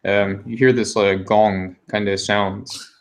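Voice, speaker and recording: A man running a tabletop game as game master, describing scenes with many pauses and fillers. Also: fairly low pitch, steady tone. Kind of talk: narrating a tabletop game online.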